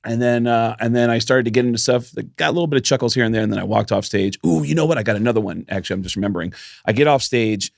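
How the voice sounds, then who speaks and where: A man's voice: medium pitch, very fast, gravelly, no echo. A man who is a comedian and podcast host, telling a story in casual chat, swearing freely and acting out the people in it.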